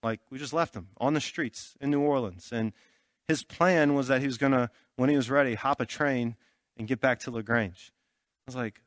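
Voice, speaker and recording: A man's voice: mid-range voice, expressive, normal speed, no echo, studio quality. A man giving a sermon through a personal story, talking loosely and conversationally with lots of fillers and check-ins. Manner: checks in with listeners often. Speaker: pastor.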